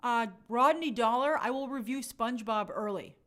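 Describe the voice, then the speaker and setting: A young woman hosting a casual live stream, reading viewer comments aloud and chatting in an animated way with many fillers. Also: a little high, moderate pace. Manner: chatty, animated, lots of fillers and quoted asides.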